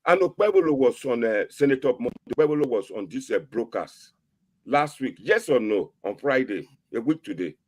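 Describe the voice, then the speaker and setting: A man's voice: medium pitch, animated, normal speed, rough recording. A man hosting a talk show, pressing his guest with repeated questions. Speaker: host.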